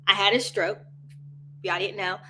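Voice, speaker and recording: A woman with a bright, forceful, mid-range voice speaks at normal speed with fairly even intonation, over slight background noise. She hosts a casual live coffee chat, rambling between topics, laughing often, and answering viewer comments directly, calling them y'all.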